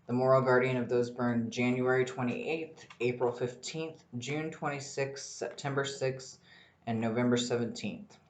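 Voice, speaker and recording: A man hosting a casual solo podcast in a rambling, excitable way, with frequent swearing. His voice sits at an ordinary middle pitch. The room around him is noticeably echoey. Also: measured pace, a little hiss or hum. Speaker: podcast host.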